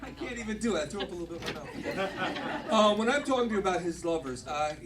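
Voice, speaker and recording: A man's voice: sits high, expressive, fast talker, a crowd in the background, background noise. A middle-aged man hosting a comedy club night, doing stand-up with rambling, self-interrupting punchlines. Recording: distant mic, loud live audience. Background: audience laughter.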